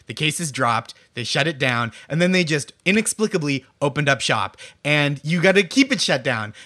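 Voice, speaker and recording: Bright-voiced wry man co-hosting. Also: mid-range voice. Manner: wry, self-deprecating joking. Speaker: podcast co-host. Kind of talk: casual political chat.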